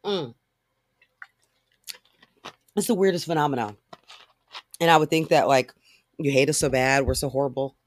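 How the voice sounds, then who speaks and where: A podcast host ranting alone in blunt, profane, frustrated talk full of fillers. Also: mid-range voice. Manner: fast talker. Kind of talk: casual solo rant.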